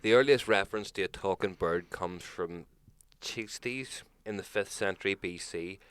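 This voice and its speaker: A man's voice: deep voice, a little slow, a bit bright. A young man co-hosting a casual podcast chat, sweary and mocking, laughing often. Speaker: podcast co-host.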